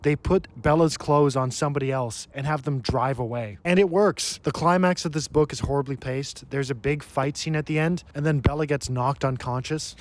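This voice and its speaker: A man's voice: fairly high pitch, no room sound. A young man giving a casual, sarcastic comedic book review, often laughing at his own jokes. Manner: sarcastic, mocking, frequent laughter.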